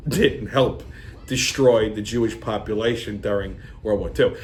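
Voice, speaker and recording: A male host delivering a blunt, profane rant, often pausing to ask "okay?". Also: medium pitch, slight background noise. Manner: blunt, swearing, repeats "okay?".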